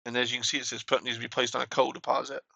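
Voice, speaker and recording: Male game-channel host, gravelly and bright, easygoing commentary, dry close sound. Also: medium pitch, rapid-fire, dry recording. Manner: relaxed, plain-spoken walkthrough talk.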